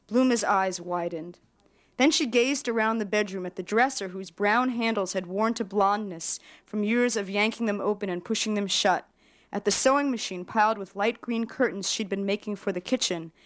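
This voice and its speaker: A woman writer giving a measured literary reading of her own fiction. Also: mid-range voice.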